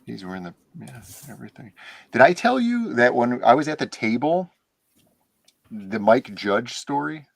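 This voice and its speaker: A man's voice: mid-range voice, very animated, normal speed, creaky, no echo. A man co-hosting a comics podcast, making dry, wry jokes in casual chat. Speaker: podcast co-host.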